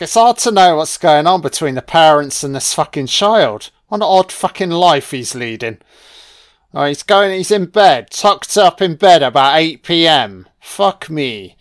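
A man's voice: fairly high pitch, unhurried. A man giving a sarcastic, foul-mouthed comedic commentary on a film. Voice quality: sweary, sarcastic, deadpan. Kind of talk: profane comedic movie commentary.

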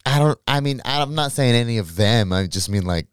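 A man's voice: mid-range voice, moderate pace, clear, resonant tone, dry recording, clean studio sound. A man co-hosting a podcast, chatting casually with frequent swearing and jokes. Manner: swearing, animated, jokey. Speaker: podcast host. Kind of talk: casual chat.

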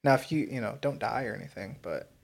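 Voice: medium pitch, fast, gravelly. A podcast co-host chatting casually in a blunt, joking way with plenty of swearing. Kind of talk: casual chat.

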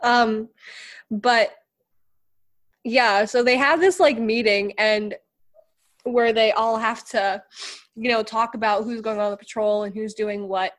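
A woman's voice: on the high side, steady tone, slow, long pauses. A woman in casual chat, retelling a TV episode with many fillers and swearing.

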